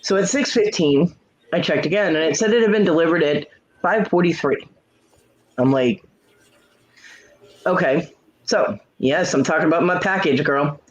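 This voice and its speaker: A middle-aged woman hosting a casual livestream chat, telling a story with lots of swearing and jumping into high voices for quotes while greeting viewers. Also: moderate pace. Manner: profane, animated storytelling with leaping voices for quotes. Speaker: livestream host. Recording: muffled lo-fi stream audio.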